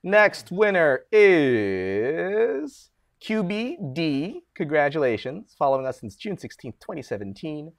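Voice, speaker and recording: A man hosts a casual live stream and talks freely. His pitch swings widely up and down as he reads names aloud. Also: sing-song, takes it slowly, creaky.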